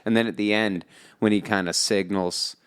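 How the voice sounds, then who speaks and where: Low-ish voiced guy rambling on a podcast, laughs a lot, does movie lines. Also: fairly even intonation, moderate pace, smooth. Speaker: podcast co-host. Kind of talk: casual chat. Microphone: remote call.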